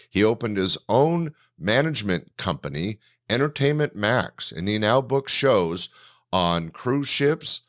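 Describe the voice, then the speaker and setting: A man's voice: lowish voice, fairly bright tone, dry recording, studio quality. A man hosting a comedy show, introducing the acts with upbeat announcer-style delivery. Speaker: host.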